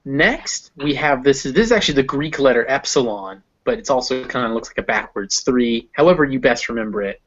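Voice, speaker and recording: A man's voice: medium pitch, lively intonation, a little fast, few pauses, a bit bright. Patient man tutoring pronunciation, lo-fi. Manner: patient, explaining with spoken examples. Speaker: phonetics tutor. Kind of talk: one-on-one pronunciation lesson. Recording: dull lo-fi recording.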